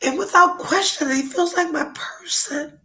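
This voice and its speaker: A woman with a high voice hosts a podcast in a frank, emotionally open monologue. She swears freely and sounds stuffy-nosed from a cold. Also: a little slow, sharp tone, rough recording. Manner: blunt, profane, emotionally open. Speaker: podcast host.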